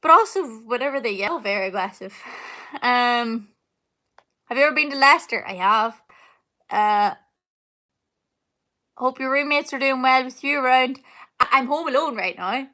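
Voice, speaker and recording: A young singer hosts a live Q&A from home, her high voice sharp in tone with lively intonation. She keeps a moderate pace broken by long pauses, answering stream comments in a rambling, casual way full of fillers and laughs.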